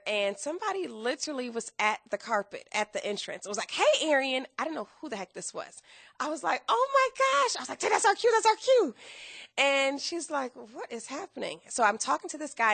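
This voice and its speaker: A woman guest telling her story in a podcast interview, acting out quotes with big jumps in pitch and bursts of laughter. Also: lively intonation, a little fast, vocal fry, sharp tone, husky, no room sound.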